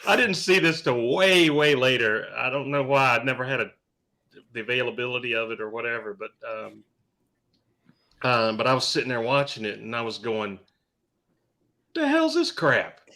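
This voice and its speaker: A man co-hosting a podcast, chatting casually with a halting, joking manner. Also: mid-range voice, bright, forceful tone. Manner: halting, restarts a lot, joking. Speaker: podcast co-host. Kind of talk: casual chat.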